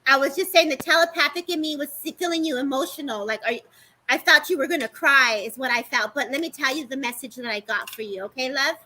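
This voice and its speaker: A woman giving a live-streamed psychic reading, talking fast and affectionately to the people she reads, calling them baby and babes. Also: high voice, pushed and bright, slight background noise, poor audio. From California. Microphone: live-stream microphone.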